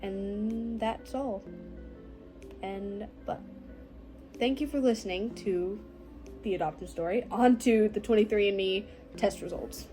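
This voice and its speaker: A teenage girl speaks to her camera in an unhurried, thoughtful way. Her voice sits at an ordinary middle pitch and often drops to a soft, quiet trail at the end of a phrase. Faint music plays underneath. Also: low-quality recording. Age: teens. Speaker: vlogger. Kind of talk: casual personal talk to camera.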